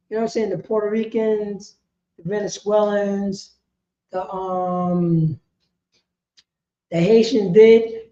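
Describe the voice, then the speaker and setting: High-pitched woman running a class, roomy, muffled recording. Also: a little mellow. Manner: keeps asking "you know what I'm saying?". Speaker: class leader. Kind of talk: informal group lesson, questioning the class. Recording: echoey room, dull muffled sound.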